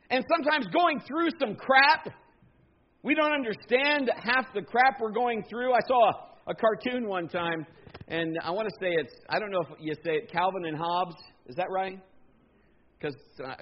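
A man's voice: sits high, husky, dull audio. A man preaching a sermon to his congregation in a folksy, conversational way, asking them questions. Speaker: pastor.

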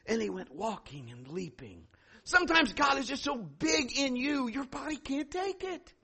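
A male pastor preaching a sermon, telling a story in an animated way and acting out what people said. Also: very high voice, normal speed, breathy edge. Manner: animated, laughing, acting out quotes.

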